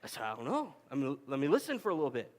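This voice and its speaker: A man's voice: medium pitch, wildly swooping pitch, very fast. A man in his forties preaching a sermon at a family camp, telling stories in a conversational way with frequent restarts. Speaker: pastor. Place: camp meeting hall.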